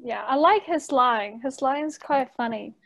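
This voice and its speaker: High-voiced giggly woman. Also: moderate pace, gravelly, dry recording, rough recording. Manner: giggly, chatty, drifts quiet at times. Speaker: podcast co-host. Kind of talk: casual chat.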